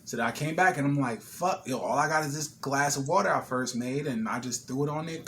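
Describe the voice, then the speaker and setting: A man vlogging at home, retelling a kitchen fire in an animated, swearing, laughing way, still shaken. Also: mid-range voice, a little fast, slight background noise. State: shaken after a scare. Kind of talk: casual storytelling vlog. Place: apartment kitchen, smoky.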